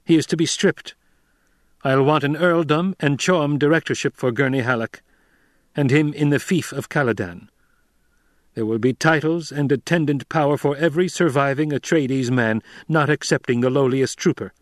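A man's voice: a little high, no room sound, clean studio sound, voice pushed up, lightly acted. A man doing a cold, commanding young ruler. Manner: firm, deliberate.

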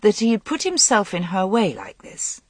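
Audiobook narrator, steady storytelling, dry close sound. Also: medium pitch, moderate pace, dry recording. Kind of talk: scripted narration.

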